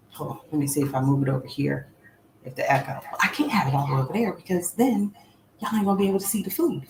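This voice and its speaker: Woman cooking-stream host, low-pitched, chatty and half-whispering to viewers, roomy echo. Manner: chatty, addresses viewers as y'all, often drops to a near whisper. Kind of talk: casual livestream chat. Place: home kitchen. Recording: echoey room with background noise.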